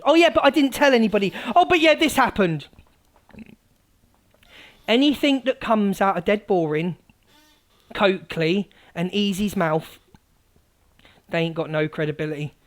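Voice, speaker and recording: A woman hosting a live stream, ranting scathingly at rivals, mocking them and swinging from loud outbursts to low mutters. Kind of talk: heated live-stream rant.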